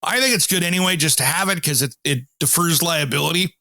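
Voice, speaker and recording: Gravelly, bright-voiced storytelling host man. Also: on the high side, fast talker, no room sound. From Pacific Northwest, US. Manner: animated storyteller, acts out quotes. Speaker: home improvement show host. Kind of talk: casual chat.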